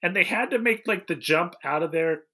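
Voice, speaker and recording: Bright-toned man wryly recapping plots. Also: high voice, brisk. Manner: wry, deadpan plot recaps. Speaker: podcast co-host. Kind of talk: casual movie-roasting chat.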